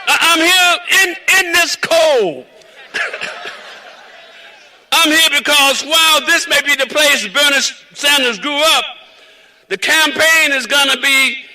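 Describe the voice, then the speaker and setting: Southern-drawl man, rally orator, bright high voice, slow preacherly cadence. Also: poor audio. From South Carolina. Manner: preacherly, rhythmic repetition. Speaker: rally speaker. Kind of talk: outdoor rally speech. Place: outdoors in the cold at a rally. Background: cheering crowd.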